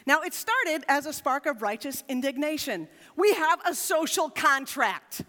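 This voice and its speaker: A woman pastor giving a sermon in a church, reading scripture and telling stories with expressive, dramatic delivery. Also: sits high, a little slow, big-room sound.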